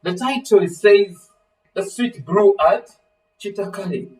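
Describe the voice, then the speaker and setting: Man, literature teacher, high-pitched, distant mic, quizzing students. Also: measured pace. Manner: calls on students by name, asks fill-in questions; animated, acts out voices of characters. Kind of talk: live online literature lesson.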